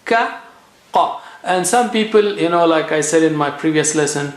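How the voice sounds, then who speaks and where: A man teaching tajweed, slowly repeating each letter sound and checking in with "okay" as he drills pronunciation. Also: a little high. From India. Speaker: Quran recitation teacher. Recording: echoey room.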